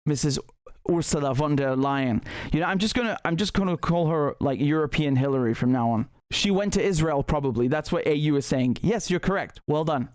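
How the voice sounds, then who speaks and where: A man hosts a live political commentary show, speaking in a heated, indignant way and often repeating words and restarting sentences. His voice is a little high with a darkish tone, his pace brisk, and there's no echo.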